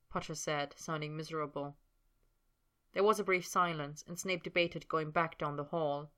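A woman narrating a work of fiction as an audiobook, in a steady storytelling manner. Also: low voice, moderate pace.

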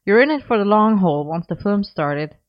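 A woman's voice: mid-range voice, animated, moderate pace, pitched above the performer's own voice, lightly acted. Lady doing a teasing young wizard guy, bossy and bubbly, slightly lifted voice, dull lo-fi sound. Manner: bright, insistent, playfully bossy. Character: cheeky young male wizard, teasing and excitable. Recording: dull lo-fi recording.

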